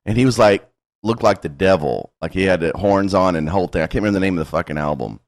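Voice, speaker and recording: A man's voice: low voice, quick pace. A man hosting a podcast in casual chat, blunt and profane, ranting with laughs. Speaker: podcast host.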